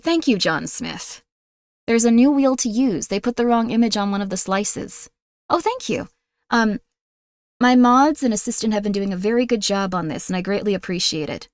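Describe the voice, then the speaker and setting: A woman's voice: on the high side, animated, normal speed, long pauses, no echo. A woman chatting casually on a livestream, bubbly, apologetic and a little scattered. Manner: bubbly, apologetic, easily distracted.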